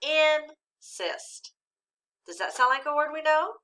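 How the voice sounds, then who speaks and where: A woman teacher giving a slow, patient phonics lesson, speaking clearly and sounding out each syllable. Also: high voice, animated, bright, forceful tone. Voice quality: clear, deliberate enunciation of syllables.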